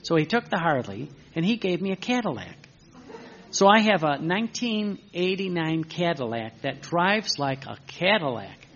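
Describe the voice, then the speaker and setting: A man's voice: on the high side, very animated, moderate pace, fairly bright tone. A man teaching a seated group in an informal spiritual talk, rambling through anecdotes with self-corrections and joking asides. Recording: dull lo-fi recording.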